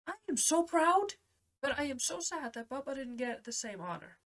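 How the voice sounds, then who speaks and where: A woman's voice: sits high, expressive, normal speed. A young woman hosting a film reaction video, commenting emotionally and talking back to the screen.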